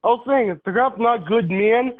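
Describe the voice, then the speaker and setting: A man in his thirties with a Russian accent, calling in and speaking halting, broken English in a literal, puzzled way. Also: very high-pitched. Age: 30s. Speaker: caller. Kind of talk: call-in phone conversation. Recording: tinny phone line.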